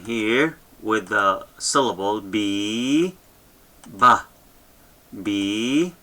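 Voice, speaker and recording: A man teaches a lesson in a very slow, patient way. His voice is bright and forward. He repeats each sound several times and fills pauses with "uh" and "okay?". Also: medium pitch. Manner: repeats each sound slowly, many fillers and okays. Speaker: language teacher.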